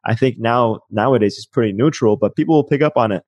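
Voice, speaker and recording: Chatty host with Spanish as first language. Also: male voice, medium pitch, quick pace, a little mellow, dry recording. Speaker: podcast host. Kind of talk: casual interview chat.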